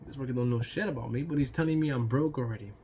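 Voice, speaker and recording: A man's voice: mid-range voice, racing, warm tone, a little hiss or hum. Chatty man telling a story. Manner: loose and chatty, laughs between lines, swears casually; fills talk with "you know" and "right?". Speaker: YouTube storyteller. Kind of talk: casual storytime vlog.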